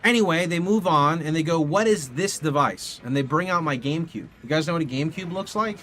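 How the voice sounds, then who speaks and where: A young man streaming from his home setup, telling a rambling, animated story to his live chat and swearing casually into a studio mic. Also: on the high side, fast talker, a little hiss or hum. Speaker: video game streamer. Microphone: condenser studio mic.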